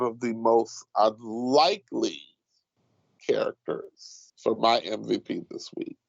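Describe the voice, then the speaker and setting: A man co-hosting a casual TV recap podcast, talking in an animated, emphatic way. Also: medium pitch, slow, vocal fry, no echo. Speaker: podcast co-host leading the segment. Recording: dull, dry lo-fi sound.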